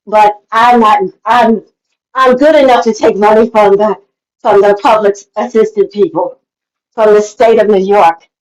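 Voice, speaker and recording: A woman's voice: mid-range voice, steady tone, unhurried, a little mellow, poor audio. A woman in her seventies, a guest on a livestream panel, scolding and talking over another guest in a heated argument. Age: 70s. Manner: scolding, condescending, talks over others.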